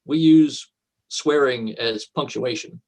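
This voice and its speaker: A man's voice: medium pitch, slow pace, a little mellow. A man from Brooklyn, chatting casually in a wry, drawling way. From Brooklyn, USA. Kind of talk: casual chat.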